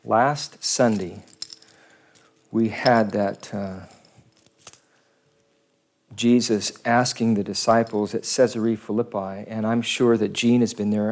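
Low-voiced man preaching a casual sermon. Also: steady tone, measured pace, darkish tone. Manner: conversational, rambling, self-deprecating asides. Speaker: pastor.

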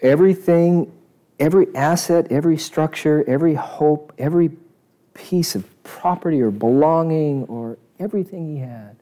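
A man delivers a sermon in a middle-pitched voice. He preaches with lively energy, acts out the voices of the crowd, and swings between loud outbursts and near-whispered asides. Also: moderate pace.

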